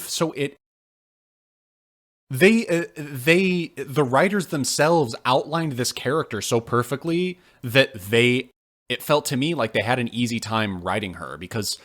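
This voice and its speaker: A man co-hosting a podcast, chatting casually and ranting with swearing and sudden jumps in pitch. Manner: animated, profane ranting with big pitch jumps. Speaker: podcast co-host. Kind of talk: casual podcast review chat.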